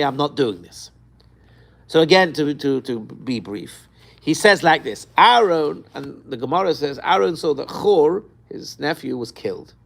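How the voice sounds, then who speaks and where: Gravelly man giving a lively Torah lesson. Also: medium pitch. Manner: animated, rhetorical questions and acted-out quotes; mixes Hebrew terms into English. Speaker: Torah teacher.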